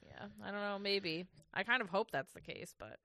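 A woman's voice: medium pitch, moderate pace, pushed and bright, dry recording, studio quality. A woman co-hosting a casual recap podcast, ranting, swearing and laughing as she goes. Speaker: podcast co-host.

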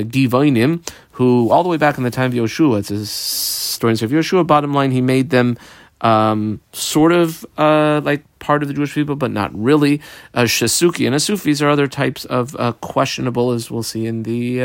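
A man's voice: medium pitch, normal speed, no echo, studio quality. A man teaching a Talmud page in a casual, explaining way, translating Hebrew and Aramaic terms into plain English as he goes.

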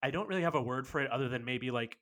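A man's voice: mid-range voice, rapid-fire, fairly bright tone. A man co-hosting a podcast, talking casually about films and building his point with example after example. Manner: conversational, builds arguments with examples. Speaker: podcast co-host. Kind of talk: casual film discussion.

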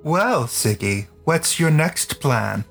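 A man doing a languid, husky female shapeshifter. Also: fairly high pitch, sing-song, fairly bright tone, faint music behind, heavily acted. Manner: slow, languid, unbothered. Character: dry, slow-spoken female mist-shifter.

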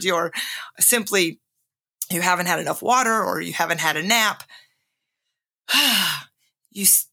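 Middle-aged lady podcaster just talking it out, lots of laughs, kinda low but bright and punchy voice. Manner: candid, animated storytelling with frequent laughs. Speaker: podcast host. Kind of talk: casual personal monologue.

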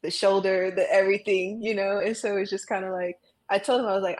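A woman's voice: mid-range voice, level tone, a little mellow. Chatty woman guest on a video call. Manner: emotional, halting, many fillers. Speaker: guest, graphic artist. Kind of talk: casual interview chat.

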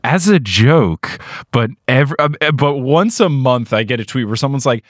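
Man, podcast host, casual chat, sarcastic, swooping pitch, dry close sound. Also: normal speed, no echo. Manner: animated, sarcastic, laughs often.

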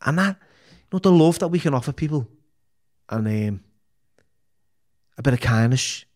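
Middle aged guy, blunt and sweary, keeps restarting, podcast guest, mid-pitched voice. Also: expressive, normal speed, a little mellow. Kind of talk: candid interview talk.

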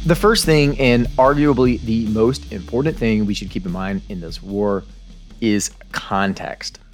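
A man's voice: fairly low pitch, normal speed, faint music behind. An American man hosting a scripted commentary podcast, earnestly arguing his points and asking rhetorical questions. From United States. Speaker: podcast host.

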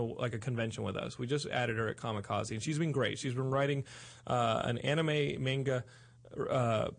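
Gravelly, excitable man hosting a podcast. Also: mid-range voice. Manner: rambling, excitable and confessional. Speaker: podcast host. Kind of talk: casual podcast chat.

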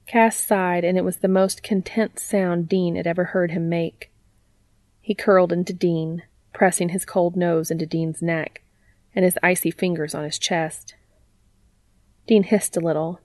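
A woman reading fan fiction aloud as the narrator, in an even, measured, intimate way. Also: fairly low pitch, no room sound.

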